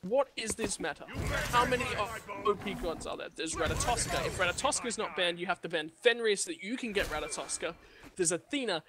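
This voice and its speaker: A man's voice: high voice, a little fast, crowd noise. A young man with a British accent casting an esports match in a playful, theatrical announcer manner. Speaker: esports caster. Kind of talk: esports commentary.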